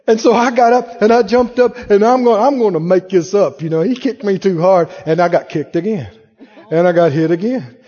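Preacher guy, high voice, animated storytelling, dull echoey church sound. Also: moderate pace. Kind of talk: sermon with personal story.

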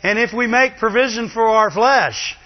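A man preaching a sermon in a lively, chatty way, with asides to the congregation. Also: extremely high pitch, normal speed. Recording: dull, long reverb of a hall.

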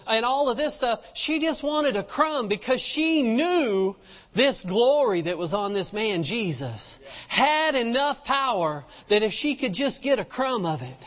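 A man preaches a sermon in a noticeably high voice, retelling scripture in homespun words and building to fervent emphasis. His voice rings out with a long reverb, as in a large hall, and the recording sounds muffled and dull. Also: animated, a little slow, fairly bright tone. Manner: retells scripture in plain folksy speech, rising to fervent emphasis.

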